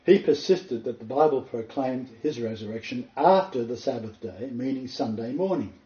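A man's voice: medium pitch, normal speed. Earnest man teaching from the Bible. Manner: earnest, emphatic, building to excited points. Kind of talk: spoken Bible teaching, storytelling. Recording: roomy, far from the mic, dull lo-fi.

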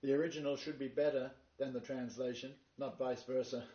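A man delivers a sermon-style Bible lecture to a congregation, moving from read-out quotations to emphatic preaching. His voice is mellow and dark. It is captured from a distance in a dull, echoey room recording. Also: mid-range voice, fairly even intonation, fairly quick. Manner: reads long quotations, then emphatic preaching. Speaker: Bible teacher. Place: meeting room with a live congregation.

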